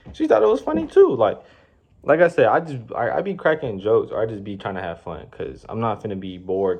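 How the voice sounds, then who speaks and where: With a low-leaning voice and lo-fi sound, a male vlogger in his twenties rambles through a casual storytime, packed with slang, swearing, and tangents.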